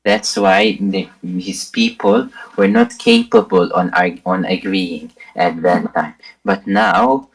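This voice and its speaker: A deep-voiced man with a gravelly edge calls into a live debate. He speaks slowly and hesitantly, stammering and repeating words, with his pitch rising and falling widely. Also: animated, low-quality recording. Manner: hesitant, stammering, soft-spoken. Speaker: caller.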